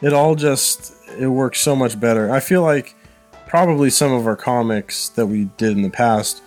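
A man's voice: medium pitch, moderate pace, darkish tone, faint music behind. Easygoing man with dry podcast humor. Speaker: podcast co-host. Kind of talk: casual podcast chat.

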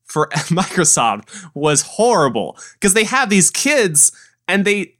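A man's voice: high-pitched, big pitch swings, slow pace, fairly bright tone. A man in his twenties, co-hosting a podcast, ranting in casual chat with plenty of exasperated rhetorical questions. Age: 20s. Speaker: podcast co-host.

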